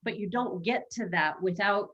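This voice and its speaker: A woman's voice: mid-range voice, moderate pace, a bit bright, dull audio. A middle-aged woman hosting a webinar, coaching in a casual, playful way and slipping into quoted self-talk, speaking over a video call.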